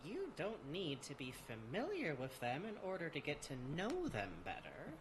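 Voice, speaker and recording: A man voicing a calm, gentle bug enthusiast who talks soothingly and teases a little. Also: on the high side, moderate pace, background noise. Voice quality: soft, soothing, gently teasing.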